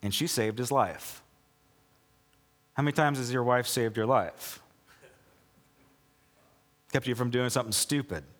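A male pastor preaching a conversational sermon with sarcastic asides, acting out quoted lines in a lower, softer voice. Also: a little slow, pauses often, big-room sound.

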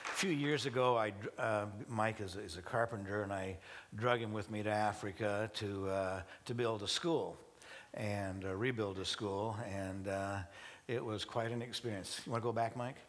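A male pastor preaching to his congregation, halting with many restarts and light joking asides. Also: fairly low pitch, fairly even intonation. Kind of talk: sermon. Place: church service before a congregation.

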